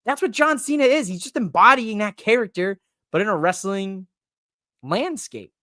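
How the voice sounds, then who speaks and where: A man hosting a podcast, ranting casually about wrestling in an animated, profane, joking way. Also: high voice, moderate pace, no room sound, clean studio sound. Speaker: podcast host. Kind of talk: casual wrestling recap rant.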